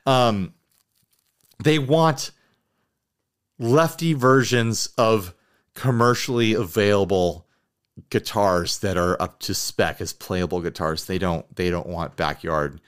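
A man's voice: sits low, slow pace, long pauses, clear, resonant tone. A man co-hosting a podcast in loose, rambling, jokey chat. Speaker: podcast co-host. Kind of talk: casual chat.

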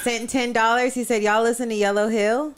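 A woman co-hosting a casual podcast, reading out viewer super chats and shout-outs. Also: fairly high pitch, little pitch movement, background noise. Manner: reads donor messages aloud briskly. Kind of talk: casual chat.

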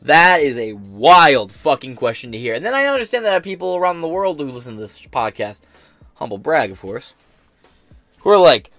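A man's voice: fairly high pitch, big pitch swings, moderate pace, bright, forceful tone, no echo, faint music behind. An American man hosting a podcast, reacting to news in a blunt, profane rant. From United States. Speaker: podcast host. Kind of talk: casual reaction commentary.

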